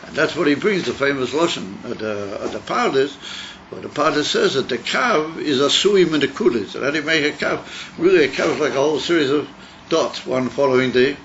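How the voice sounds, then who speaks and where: A man's voice: a little high, lively intonation, a little fast, fairly bright tone, a little hiss or hum. A man, a rabbi, teaching a text-study class, explaining and thinking aloud with frequent restarts. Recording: dull lo-fi recording.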